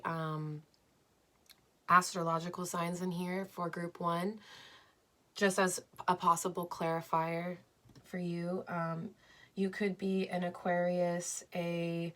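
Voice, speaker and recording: A young woman reading tarot cards for her viewers at home, slow and dreamy but enthusiastic, with lots of "like"s. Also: fairly low pitch, a bit bright. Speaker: tarot card reader. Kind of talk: pick-a-card tarot reading.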